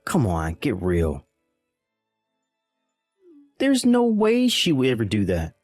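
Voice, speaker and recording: A man's voice: mid-range voice, huge pitch swings, takes it slowly, a little mellow, no room sound, soft background music, heavily acted. A man playing a callous young husband in a dramatized text-message story, exasperated and blaming. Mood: dismissive.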